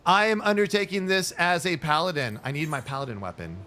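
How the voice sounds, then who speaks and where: A man streaming a game, giving excitable, jokey running commentary in casual chat. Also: fairly high pitch, brisk.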